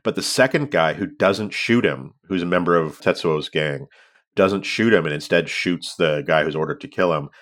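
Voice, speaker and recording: Male podcast co-host, very low voice, lively casual chat. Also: normal speed. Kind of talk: casual chat about comics.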